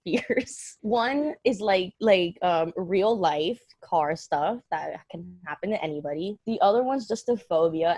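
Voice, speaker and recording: A young adult woman telling a story in casual chat, animated and laughing, with quick self-mocking asides. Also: lowish voice, no room sound. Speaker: podcast co-host telling a story.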